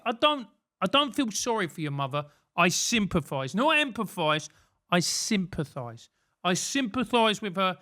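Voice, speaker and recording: A man's voice: sits high, pushed and bright. A man with a British accent giving comedic advice as a podcast host, ranting and self-mocking. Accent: British English. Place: London.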